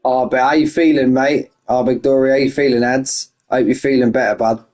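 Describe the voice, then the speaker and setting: A man's voice: medium pitch, steady tone, brisk, darkish tone. A man hosting an online racing league stream, chatting casually and greeting viewers one by one as mates. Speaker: race league host.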